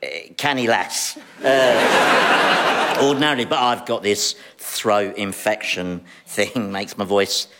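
A man's voice: fairly low pitch, steady tone, takes it slowly, background noise. An actor playing a cocky male schemer bluffing in disguise, joking and slipping into a few northern words. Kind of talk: sitcom acting.

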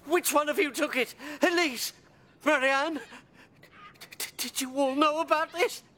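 A man's voice: very high-pitched, a little slow, pushed and bright, slight background noise, full character voice. An actor playing a greedy, miserly old father in a stage comedy, frantic and melodramatic.

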